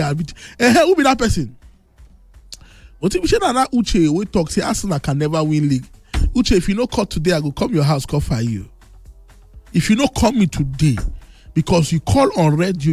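A man's voice: high voice, slightly rough, no echo. A man from Nigeria with a Nigerian Pidgin English accent, talking as a radio host in boastful, teasing banter. He is a bit under the weather, and his voice sounds thick. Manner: brash, teasing, loud boasting.

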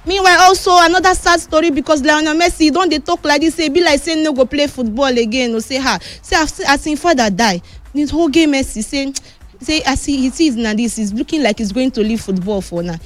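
A Nigerian woman hosting a casual sports news roundup, lively and chatty, switching between Pidgin and English. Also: high voice, a little fast.

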